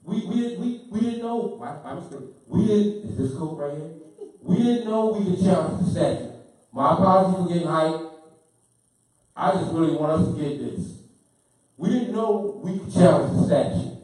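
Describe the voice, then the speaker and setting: A man giving an impassioned lecture, preaching fervently and repeating points, sometimes loud. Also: sits high, animated, moderate pace. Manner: fervent, preaching, repeats himself, gets loud then apologizes. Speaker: speaker. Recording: roomy, from far off the mic.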